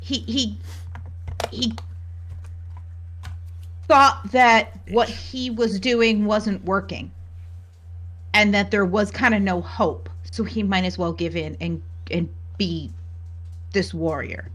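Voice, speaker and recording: A woman's voice: medium pitch, steady tone, takes it slowly, long pauses, fairly bright tone. A woman co-hosting a podcast, talking thoughtfully over a remote call and building her points with restarts. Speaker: podcast co-host. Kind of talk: casual chat.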